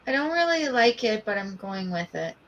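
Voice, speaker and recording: A woman's voice: mid-range voice, very animated, normal speed, dull audio. A woman keeping someone company off camera, chatting casually in an offhand, lightly teasing way. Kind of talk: casual chat. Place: home workshop.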